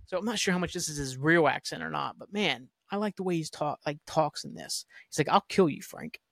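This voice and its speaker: A man's voice: a little high, a little fast, vocal fry, dry recording, studio quality. A man hosting a podcast, casually recapping a TV episode in a rambling, profane way, acting out the characters' lines. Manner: rambling, profane, animated retelling with quoted lines. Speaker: podcast host. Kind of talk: casual solo rewatch recap.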